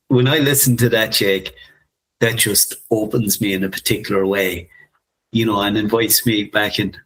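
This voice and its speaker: Podcast co-host: man, 50s, husky and lowish voice, reflective and easy to laugh. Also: fairly even intonation, normal speed. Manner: soft-spoken, musing, laughs often. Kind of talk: reflective casual conversation.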